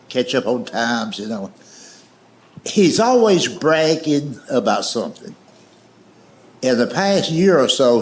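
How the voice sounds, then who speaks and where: Man, stand-up storytelling, drawling deadpan delivery, lively swinging pitch, echoey live room. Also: a little hiss or hum. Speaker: stand-up comedian. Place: comedy stage before a live audience.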